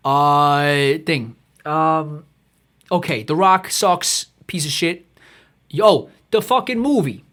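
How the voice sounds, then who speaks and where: A man's voice: fairly high pitch, animated, slow pace, fairly bright tone. A man hosting his own podcast, delivering a rambling, profanity-heavy comedic rant that is exasperated and mocking and full of restarts. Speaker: podcast host.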